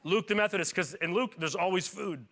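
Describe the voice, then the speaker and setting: A pastor in his forties preaching a sermon in a relaxed, conversational way. He jokes and asks the congregation questions. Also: sits high, fairly quick. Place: church.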